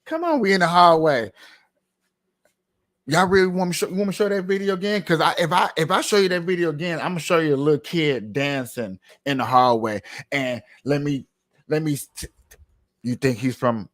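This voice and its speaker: Male streamer, animated slangy rant, slightly raised pitch. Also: normal speed. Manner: animated, repetitive, slangy, rhetorical questions. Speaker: livestream commentator. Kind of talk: casual ranting commentary.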